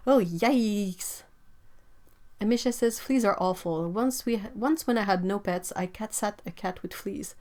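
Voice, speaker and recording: A young woman from Quebec chats on a relaxed livestream in English. She sits at a middle pitch and reacts out loud to viewer comments. Her delivery is expressive, full of exclamations and laughter. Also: unhurried. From Quebec, Canada. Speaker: livestream host. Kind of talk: casual livestream chat reading viewer comments.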